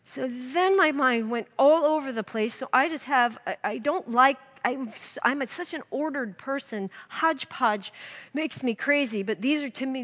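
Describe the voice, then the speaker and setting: Woman doing a slow earnest bible talk, high voice, reverby sound. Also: fairly bright tone. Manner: earnest, reads scripture aloud. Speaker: Bible teacher. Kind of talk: devotional teaching.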